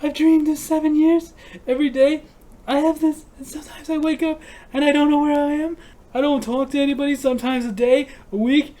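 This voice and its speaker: A man voicing a shouting, haunted male war veteran in anguished outbursts. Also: very high-pitched, fairly even intonation, a little fast, voice pushed up.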